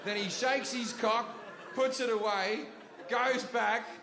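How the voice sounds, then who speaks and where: Profane high-voiced stand-up comic. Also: male voice, takes it slowly, noisy background. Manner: profane, deadpan anecdotal delivery. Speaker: stand-up comedian. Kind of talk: stand-up storytelling. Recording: roomy live venue with crowd. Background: audience laughter.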